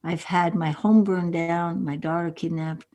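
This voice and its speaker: A woman's voice: fairly low pitch, fairly even intonation, measured pace, mellow. An older woman, a guest author on a podcast interview, telling earnest stories with quoted dialogue.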